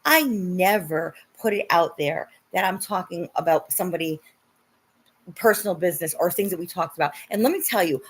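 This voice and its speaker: A woman's voice: lowish voice, moderate pace, breathy edge. A young woman livestreaming and chatting with her viewers, laughing often and swearing when she gets upset. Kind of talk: casual livestream chat.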